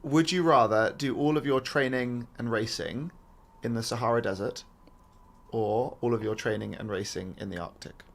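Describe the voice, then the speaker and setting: A man's voice: medium pitch, creaky. A man co-hosting a podcast, joking and chatting casually. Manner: jokey, fast-talking. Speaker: podcast co-host.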